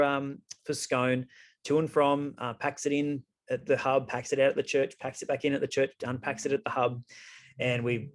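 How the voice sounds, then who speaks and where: Man, middle-aged pastor, mid pitch; relaxed sermon delivery, restarts often. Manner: chatty, with frequent restarts and asides. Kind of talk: conversational sermon to an online group.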